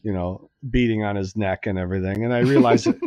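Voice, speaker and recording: A man rattles off a rambling story at a quick clip, swearing freely and acting out every line of dialogue. His voice sits close and dry, with no room sound around it. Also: on the low side, dry recording. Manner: rambling, animated, swears freely, acts out both sides of his stories. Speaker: podcast co-host. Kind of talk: casual storytelling chat.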